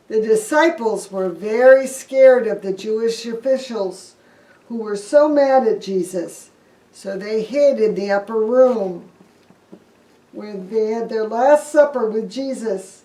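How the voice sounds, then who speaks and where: A woman pastor telling a Bible story to children in a lively, playful way. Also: a little high, takes it slowly. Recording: echoey room, distant mic.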